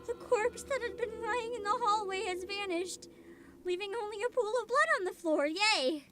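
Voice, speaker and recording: A young woman streaming a game, reading it aloud and reacting with loud outcries and laughs. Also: very high voice, normal speed. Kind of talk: casual gaming livestream.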